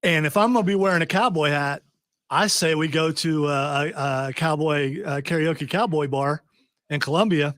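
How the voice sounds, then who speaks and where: A man's voice: a little high, normal speed, a bit bright, no room sound. A man hosting a podcast in casual chat, rambling with fillers and restarts. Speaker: podcast host. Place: studio.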